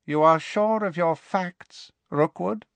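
A man voicing a cold, cruel male dark lord in a high voice that speaks slowly and with menace. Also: gravelly, dry recording, full character voice. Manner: slow, menacing, measured.

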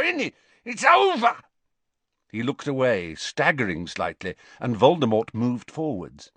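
A man reads a dark story aloud at an unhurried pace, his pitch rising and falling expressively. The sound is close and dry, with no room around it. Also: no echo. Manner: deliberate, expressive reading. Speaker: audiobook narrator. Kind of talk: dramatic audiobook narration.

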